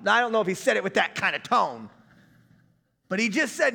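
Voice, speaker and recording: A male pastor in his thirties preaching a conversational sermon, breaking into shouts now and then. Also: very high-pitched, sing-song, a little fast, gravelly, long reverb tail.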